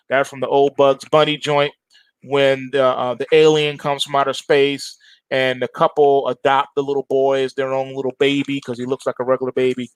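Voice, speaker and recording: A man's voice: mid-range voice, smooth, dry recording. A middle-aged man hosting a trading show, giving emphatic, repetitive chart commentary straight to his viewers. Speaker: trading analyst host.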